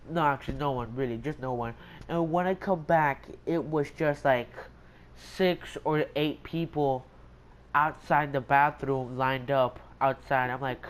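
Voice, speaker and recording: A man's voice: on the high side, a little hiss or hum, poor audio. A young man telling a rambling, profane story in casual slangy chat.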